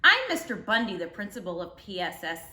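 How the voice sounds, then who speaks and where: Storybook role: cheerful, kindly male principal, polite and eager, bright and lively, roomy echo - a woman reading it. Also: mid-range voice, brisk, heavily acted.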